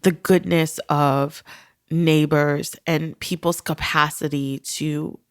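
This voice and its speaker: A woman in her thirties with a fairly low voice speaks as a podcast guest in relaxed conversation. She is earnest and heartfelt, laughing often and growing emotional as she tells personal stories. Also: takes it slowly, clear, resonant tone. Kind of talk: casual conversation.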